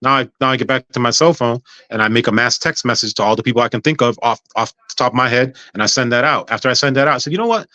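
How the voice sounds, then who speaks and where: A man's voice: mid-range voice, rapid-fire, few pauses, dry recording. A man speaking as a guest on a podcast, telling a personal story casually and acting out what other people said. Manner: animated, acts out other people's words.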